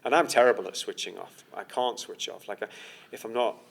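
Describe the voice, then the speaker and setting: A man appearing as a guest on an interview podcast, talking about his training in a relaxed, chatty way. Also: fairly low pitch, brisk, creaky. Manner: relaxed, chatty, agreeable with frequent yeahs. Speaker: triathlete and coach, guest. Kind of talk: casual interview conversation.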